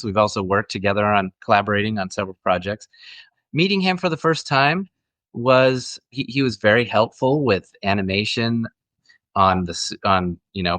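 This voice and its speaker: A man's voice: on the low side, a bit bright, no echo. A middle-aged man, an actor guest, telling stories in a friendly, casual interview chat with frequent restarts.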